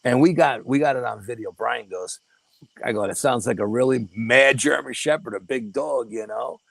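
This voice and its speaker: A man's voice: mid-range voice, moderate pace, vocal fry, no echo, rough recording. An older man, a guest in an interview, telling a story casually with profanity and acting out the dialogue. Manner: animated, profane, acts out quoted dialogue. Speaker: guest paranormal investigator.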